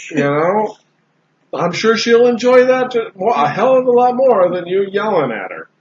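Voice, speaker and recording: A man in casual podcast chat, talking in a relaxed, rambling way with frequent restarts. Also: high-pitched, moderate pace. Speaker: podcast host. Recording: slightly dull lo-fi sound with faint background noise.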